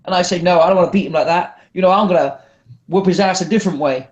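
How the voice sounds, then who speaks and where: A man's voice: high voice, fast talker. A man in casual podcast chat, telling stories animatedly, swearing freely. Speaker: wrestler guest.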